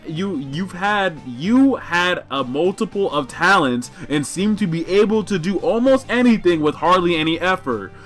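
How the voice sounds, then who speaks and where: A man's voice: on the high side, a bit bright. Guy reading a dry wordy teen girl, faint music behind. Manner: measured, wordy, self-deprecating. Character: wry, sardonic teenage girl.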